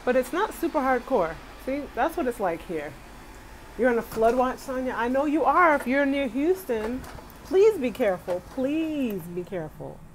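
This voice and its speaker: Her voice sits a little high, with slight background noise. She is a young adult from Brooklyn, New York, USA, casually chatting from her bed at home on a rainy day, speaking straight to her live-stream viewers with animation and a Southern "y'all."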